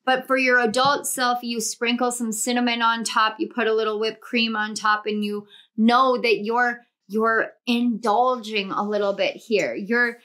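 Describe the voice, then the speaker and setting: Slightly high-voiced tarot reader, soothing. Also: female voice, a bit bright. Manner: soothing, flowing, repeats and restarts phrases. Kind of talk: guided visualization and tarot reading.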